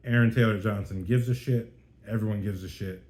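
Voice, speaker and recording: In a fairly low, darkish voice with fairly even intonation, a man hosting a podcast gives a casual spoken movie review at a slightly fast pace. He's exasperated, ranting through lots of fillers and restarts.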